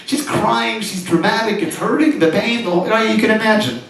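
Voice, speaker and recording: A man's voice: high voice, fairly quick, gravelly, a bit bright. A man giving a lecture as a rabbi, telling a personal story with animation and frequent laughs. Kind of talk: storytelling talk to an audience. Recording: echoey hall, mic far off, faint noise.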